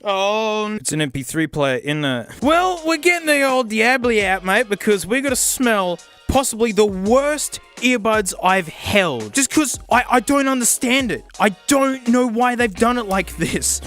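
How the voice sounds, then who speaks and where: A man reviews a gadget in a casual vlog, excitable and sarcastic, laughing and exclaiming as he goes. His voice swoops up and down, and faint music plays behind him. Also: high-pitched, a little slow, hardly any pauses.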